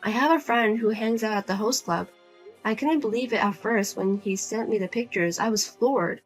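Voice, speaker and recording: A woman playing a fed-up grown daughter who speaks flatly and firmly to her pushy mother in a narrated drama. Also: mid-range voice, normal speed, faint music behind, natural voice. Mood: accusing. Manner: flat, firm, cold and blunt. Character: Lizzie, grown daughter, cool, blunt, fed up.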